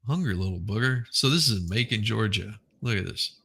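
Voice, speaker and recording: Gravelly husky man, blunt commentator. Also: on the low side, lively intonation, brisk, fairly bright tone. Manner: blunt, repeats words, laughs often. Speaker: host of a news commentary channel. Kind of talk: casual opinionated commentary.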